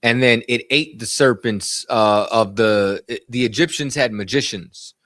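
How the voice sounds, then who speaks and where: A man's voice: medium pitch, a little slow, fairly bright tone, no echo, studio quality. A man leading a scripture study, speaking in casual street slang and often asking "you know what I'm saying". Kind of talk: casual teaching.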